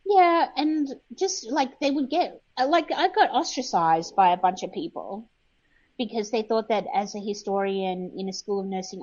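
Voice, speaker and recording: A woman's voice: mid-range voice, darkish tone, dull audio. A woman from Australia, a guest historian, answering interview questions in a chatty way with frequent fillers and laughs.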